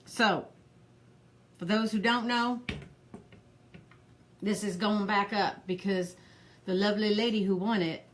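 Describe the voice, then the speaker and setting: A woman's voice: mid-range voice, steady tone, slow pace, long pauses, close to an everyday voice. A woman voicing a harried, gossipy old granny who rambles in a folksy drawl while hosting a pearl party. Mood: chatty. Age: older. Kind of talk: comedic character live stream.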